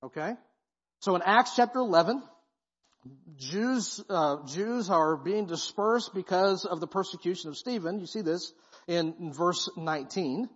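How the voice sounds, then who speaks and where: A high-pitched man preaches a sermon in a church sanctuary, his husky voice carrying a long hall reverb. He talks in a casual, slangy way and keeps checking in with the congregation. The sound is dull and muffled. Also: lively intonation, unhurried. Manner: casual, slangy preaching with frequent "right?" asides. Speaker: guest pastor.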